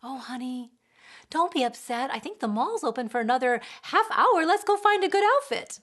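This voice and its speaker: A woman acting out a fed-up mother who scolds her child. Her voice is raised and emphatic, and she leans hard on each word and sometimes slows right down to make her point. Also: sits high, animated, a bit bright, pitched above the performer's own voice. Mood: soothing.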